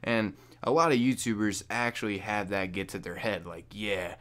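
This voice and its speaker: A young man making a casual gaming vlog into a microphone, loose and jokey, with loud high-pitched bursts when he mocks people. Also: normal speed. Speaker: gaming YouTuber. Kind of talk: casual talking-to-camera vlog. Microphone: desk microphone.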